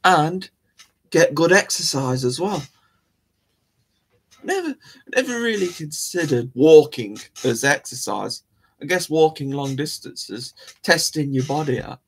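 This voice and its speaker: Rambling male host, husky tone, casual and self-deprecating. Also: fairly high pitch, lively intonation, unhurried, long pauses. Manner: rambling, chatty, self-mocking. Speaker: live show host. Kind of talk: casual live-stream chat.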